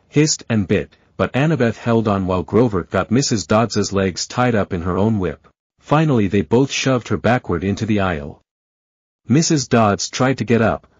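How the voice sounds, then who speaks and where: A man narrating a fan fiction audiobook in a steady storytelling read, in a dull, dry recording. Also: lowish voice, husky, dry recording.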